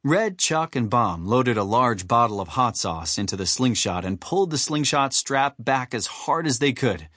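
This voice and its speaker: Man, audiobook narrator, lively pitch, husky, dry close sound. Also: normal speed, few pauses, dry recording. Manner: animated, storytelling. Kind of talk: scripted narration.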